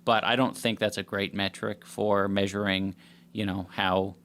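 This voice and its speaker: A man's voice: fairly low pitch, flat delivery, a little slow, a bit bright. A man in his thirties co-hosting a casual podcast, rambling with lots of "you know" and "like". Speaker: podcast co-host. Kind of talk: casual chat.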